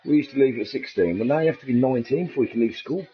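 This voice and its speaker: A man's voice: medium pitch, expressive, racing, slightly rough, faint music behind. A middle-aged man with an English accent, rambling in a casual, profane monologue and laughing at his own jokes. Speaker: vlogger. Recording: dull lo-fi recording.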